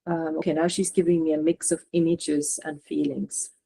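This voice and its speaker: A woman channeler and coach guiding a spiritual session over a video call, talking in halting, searching phrases. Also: low-pitched, level tone, gravelly, dark tone. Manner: halting, searching, relays messages.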